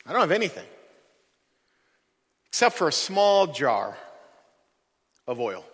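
A man voicing a worn-down, bewildered poor widow within a sermon, in a lowered voice. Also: sing-song, takes it slowly, a bit bright, full character voice. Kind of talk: acted quote in a sermon. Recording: long hall reverb.

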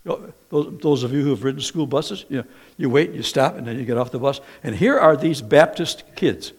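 A man preaching a sermon, talking conversationally and telling personal stories, swinging between loud exhortation and soft, low asides. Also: fairly quick, husky. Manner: conversational, personal storytelling with fillers. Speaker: pastor.

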